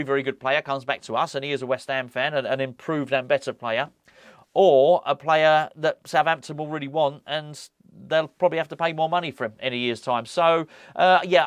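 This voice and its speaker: A man with a mid-range voice hosts a football fan channel, offering casual, enthusiastic commentary. He's chatty and restarts his sentences a lot, and there's no echo in the recording.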